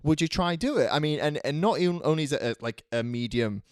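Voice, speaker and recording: A man's voice: fairly high pitch, lively intonation, fast talker, no room sound, studio quality. A man co-hosting a casual podcast chat from his room at home, rambling with restarts and frequent giggles. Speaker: podcast co-host. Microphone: home microphone.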